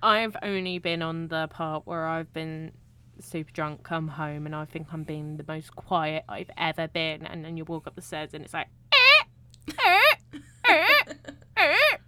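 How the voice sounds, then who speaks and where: A woman's voice: low-pitched, moderate pace, slight background noise. A woman co-hosting a podcast, chatting casually about a film and laughing often. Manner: laughs often, relaxed and drawn out. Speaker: podcast co-host.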